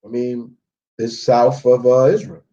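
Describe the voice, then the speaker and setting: Man, Bible teacher, slow unhurried delivery, dull lo-fi audio. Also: mid-range voice, little pitch movement, dark tone. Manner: checks in with frequent "okay?"; walks through maps and word studies on screen. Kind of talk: live Bible history lesson.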